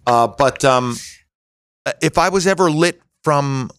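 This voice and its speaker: A man's voice: on the high side, takes it slowly, a bit bright, smooth, no room sound. Middle-aged man, podcast guest, loose self-deprecating joker, lots of ums, dry close recording. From United States. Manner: rambling, self-mocking, jokey storytelling with many fillers. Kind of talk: casual podcast chat.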